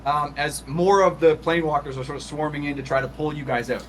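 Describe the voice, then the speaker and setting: A man's voice: a little high, fairly even intonation, quick pace, a little hiss or hum, low-quality recording. A man narrating a tabletop game as game master, hedging with lots of fillers.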